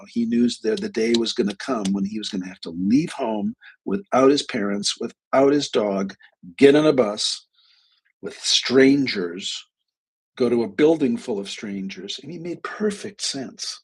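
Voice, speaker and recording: A middle-aged man talks in a casual, rambling way, hosting his own live stream as a psychologist. His voice sits low and sounds rough and raspy. He keeps restarting sentences and quoting back and forth as he tells a story. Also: a little slow, poor audio. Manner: rambling, with restarts and quoted dialogue. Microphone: webcam or desk mic on a live stream.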